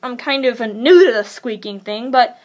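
Woman vlogger, kinda high voice, rambly and unsure, lots of um and like. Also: moderate pace, a little mellow. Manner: rambling and hesitant, with many fillers. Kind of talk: casual tutorial chat.

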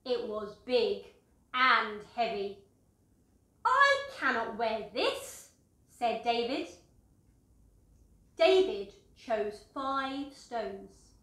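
A woman reading a story aloud to children, slowly and expressively, putting on voices and sound effects. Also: a little high, sing-song, pushed and bright, reverberant.

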